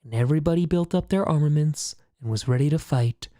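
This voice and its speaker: A man putting on a soft-spoken ASMR narrator voice for a whispered role-play history recap, slow and hushed. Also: a little high, no echo, clean studio sound, close to an everyday voice. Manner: slow, hushed, soothing delivery.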